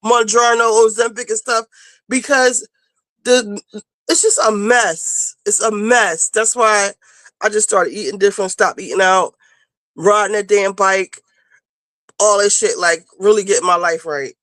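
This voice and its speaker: A woman's voice: medium pitch, measured pace, a bit bright, no echo. A woman panelist in casual chat, talking bluntly and rambling with plenty of swearing. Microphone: video call.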